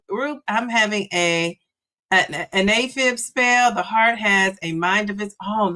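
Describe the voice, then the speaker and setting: A woman in her fifties hosting a live stream, chatting casually and bubbly as she reads comments and gives shout-outs. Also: medium pitch. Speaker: livestream host and weight-loss coach.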